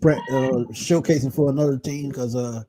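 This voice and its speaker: A man hosting a sports fan show, signing off in a relaxed, drawling way and thanking viewers. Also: mid-range voice, normal speed, a crowd in the background. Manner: laid-back, drawling, says man a lot. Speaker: podcast host. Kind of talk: casual sports talk wrap-up.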